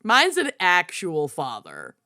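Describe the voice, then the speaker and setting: A woman's voice: on the low side, wildly swooping pitch, slow pace, gravelly, sharp tone, dry recording. A woman co-hosting a podcast, bantering dryly in casual chat. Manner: dry, playful banter. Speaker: podcast co-host.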